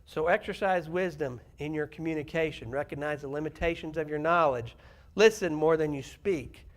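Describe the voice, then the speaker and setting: A man's voice: on the high side, normal speed. Man preaching a conversational sermon. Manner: conversational, asks the congregation questions. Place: church sanctuary.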